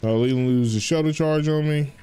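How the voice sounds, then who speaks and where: A man's voice: on the high side, a little fast, mellow, clean tone. A man streaming a game and chatting casually, in a loose, profane, rambling way with frequent restarts. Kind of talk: casual gaming livestream commentary.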